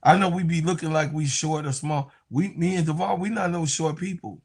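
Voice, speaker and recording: A young man with a Chicago accent hosts a loose sports talk show with a slightly raised voice. He trash-talks, jokes and laughs often, his delivery animated and playful. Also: fairly high pitch, a little fast, gravelly, breathy edge. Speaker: sports commentary host. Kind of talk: casual sports talk livestream.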